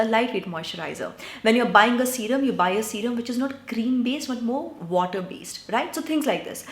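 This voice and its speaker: Chatty woman vlogging skincare tips. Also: on the high side. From India. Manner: chatty, frequent "right?" and "guys". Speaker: beauty vlogger. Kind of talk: casual skincare advice vlog. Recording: echoey room.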